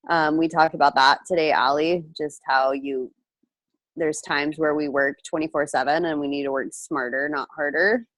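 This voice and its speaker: A woman with a very low voice answers on a video call. She talks hesitantly, pausing on fillers. The sound is dry and close. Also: fairly bright tone, dry recording. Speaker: team member. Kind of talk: casual chat.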